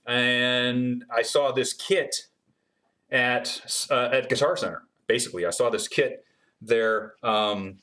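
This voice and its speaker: A man hosts a casual livestream Q&A while he demonstrates how he builds guitars. He reads questions from the chat aloud and answers them in a chatty way, filling his speech with ums. His voice sits at an average pitch. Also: fairly even intonation, slow, bright, forceful tone.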